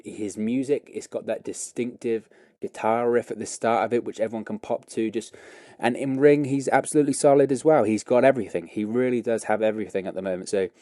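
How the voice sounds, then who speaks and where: A man's voice: on the low side, mellow, no echo, clean studio sound. A man hosting a show, talking through his views in a casual, rambling way with many fillers and self-corrections. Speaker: wrestling podcast host. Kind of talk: casual opinion commentary.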